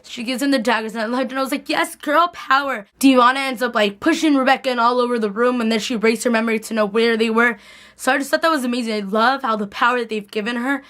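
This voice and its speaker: A woman's voice: on the high side, steady tone, rapid-fire, fairly bright tone. A young woman recapping a TV episode in a casual vlog, gushing like a fan and saying "like" often. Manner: gushing fangirl chatter, lots of "like". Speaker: TV recap vlogger.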